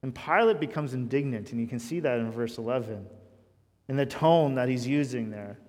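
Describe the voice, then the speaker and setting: A man preaching a sermon as pastor, earnest, moving between loud emphasis and hushed intensity. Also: mid-range voice, normal speed. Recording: long hall reverb.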